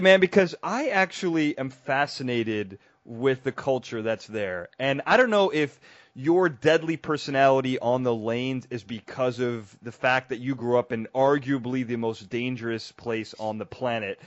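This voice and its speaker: A man's voice: mid-range voice, normal speed, dry recording, lo-fi sound. A young man hosting a podcast interview, playful and jokey. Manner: playful, jokey, lively with bursts of laughter. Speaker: podcast host.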